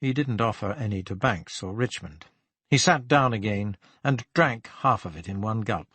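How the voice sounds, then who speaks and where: A man narrating a crime novel in a measured, even storytelling voice. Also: on the low side, slightly rough, no echo. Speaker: audiobook narrator.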